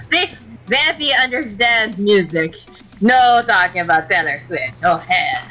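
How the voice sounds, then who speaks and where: Bright-voiced young woman streamer, teasing. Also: medium pitch, sing-song, soft background music, low-quality recording. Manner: teasing, chatty, quick to tease and laugh. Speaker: streamer and host. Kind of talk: casual chat while livestreaming a game.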